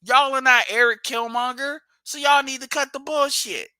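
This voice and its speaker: A man's voice: very high voice, steady tone, moderate pace, bright, forceful tone, smooth, dry recording. A man hosting a livestream, ranting bluntly and profanely and hammering his points through repetition. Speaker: livestream host.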